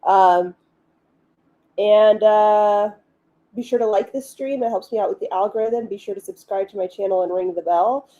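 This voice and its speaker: A woman's voice: mid-range voice, normal speed, dark tone, muffled recording. A woman hosting a casual livestream, chatting in an upbeat way with frequent ums and asides. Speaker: livestream host and author.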